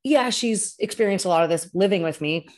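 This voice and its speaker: A woman's voice: mid-range voice, fairly quick. A woman in her thirties, a podcast guest and self-care coach, chatting casually and acting out the people in her stories. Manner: animated storyteller acting out quoted voices. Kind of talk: casual conversational interview.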